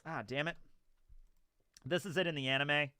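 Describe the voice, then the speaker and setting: This YouTube host's voice is a little high, bright, pushed, and clean, with fairly even intonation at a normal speed. He rambles through casual stories and commentary with frequent fillers, recorded dry in a clean studio.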